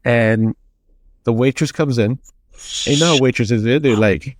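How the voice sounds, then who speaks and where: A man co-hosting a podcast, chatting casually and telling a story, acting out the people in it with lively changes of voice. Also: medium pitch, normal speed, long pauses, background noise. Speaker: podcast co-host.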